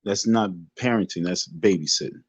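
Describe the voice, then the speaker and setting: With a low voice at normal speed, a man hosts a casual livestream rant, speaking emphatically and preachily, repeating his points and swearing freely. The recording is dry, dull and lo-fi, with no echo.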